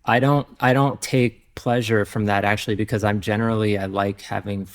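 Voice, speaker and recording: A man, a software founder, talking candidly in a podcast interview, rambling with many fillers and restarts. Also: fairly low pitch, steady tone, a little fast.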